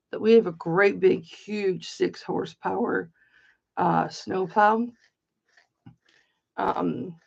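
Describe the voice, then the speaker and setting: This middle-aged Michigan woman hosts an online auction livestream, rambling through a story bluntly and chattily and swearing freely. Her voice is medium-pitched, creaky and husky. The stream audio is slightly dull and lo-fi.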